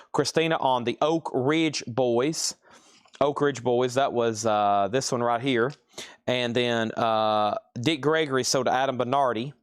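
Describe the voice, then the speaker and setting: Southern man, mid-pitched, drawling host voice, dry close sound. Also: no echo. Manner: drawls out words; chatty, reads out titles and prices. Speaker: live sale host. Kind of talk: live-stream record sale.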